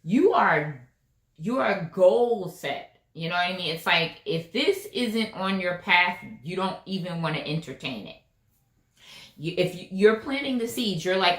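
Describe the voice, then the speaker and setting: A chatty woman gives a casual tarot reading, repeating her points and checking in with the listener. Her voice sits a little low. The room around her is echoey. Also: animated, a little slow, fairly bright tone. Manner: chatty, emphatic, repeats phrases, frequent "right?". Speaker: tarot reader.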